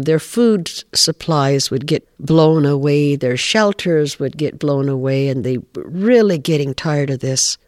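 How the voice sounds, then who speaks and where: A man from the Pacific Northwest telling a traditional animal folk tale in a measured, animated way. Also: on the high side, dry recording, clean studio sound. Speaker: storyteller. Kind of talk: oral folk storytelling.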